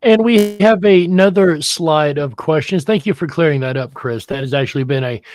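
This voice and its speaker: A man's voice: a little high, moderate pace, darkish tone, no echo. A man moderating a panel discussion on a video call, reading out questions with a self-deprecating, laughing manner.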